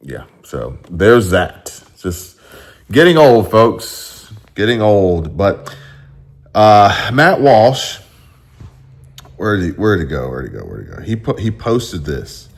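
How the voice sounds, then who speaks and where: Deep-voiced man rambling through commentary. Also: very animated, takes it slowly. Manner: rambling, searches aloud for posts. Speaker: political commentary host. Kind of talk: casual commentary.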